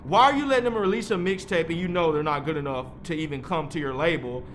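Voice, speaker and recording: A man's voice: a little high, quick pace, fairly bright tone, a little hiss or hum. A man in his thirties delivering a rambling, heated monologue, swearing freely as he lectures. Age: 30s. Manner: heated, profane, preachy. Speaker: vlogger.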